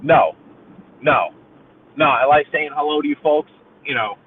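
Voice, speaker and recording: A man's voice: on the high side, unhurried, slight background noise. A man from Brooklyn with a New York accent, rambling casually to live-stream viewers while he drives. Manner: rambling, talkative, chatty with viewers. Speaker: live-stream driving host. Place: inside a car. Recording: tinny phone-like audio.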